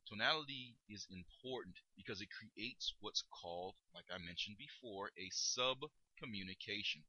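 A man hosting a podcast lesson on communication, speaking deliberately and stressing key words as he explains. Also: on the low side, pushed and bright, breathy edge, no room sound, rough recording. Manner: deliberate, emphatic, stretches key words for demonstration. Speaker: podcast host teaching communication skills. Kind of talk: instructional podcast talk.

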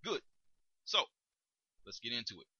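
A man hosting a podcast lesson on communication, speaking deliberately and stressing key words as he explains. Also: mid-range voice, big pitch swings, sharp tone, breathy edge, no echo, lo-fi sound. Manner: deliberate, emphatic, stretches key words for demonstration. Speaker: podcast host teaching communication skills. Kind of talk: instructional podcast talk.

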